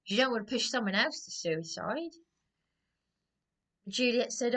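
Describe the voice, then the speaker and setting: A woman's voice: on the high side, animated, measured pace, long pauses, fairly bright tone. A woman ranting about personal grievances in a rambling, agitated way, often repeating herself. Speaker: vlogger. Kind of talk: aggrieved personal rant to camera.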